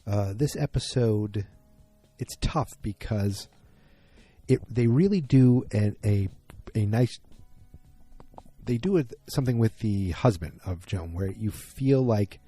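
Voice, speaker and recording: Guy with a lowish husky voice doing a solo podcast recap, rambly and opinionated, lots of ums. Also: slow, long pauses, warm tone, soft background music. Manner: rambling, opinionated, many fillers and restarts. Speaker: podcast host.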